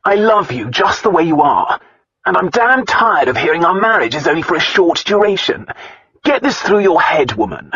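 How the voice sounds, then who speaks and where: A man voicing a gruff, arrogant nobleman. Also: a little high, animated, moderate pace, fairly bright tone, dry recording, lo-fi sound. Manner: gruff, blunt, dryly teasing. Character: arrogant nobleman husband, gruff and dryly teasing. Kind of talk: audiobook dialogue.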